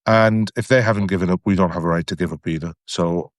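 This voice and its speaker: Deep-voiced man speaking earnestly. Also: fast talker, no room sound, clean studio sound. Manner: earnest and emphatic, repeating phrases. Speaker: guest. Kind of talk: interview testimony.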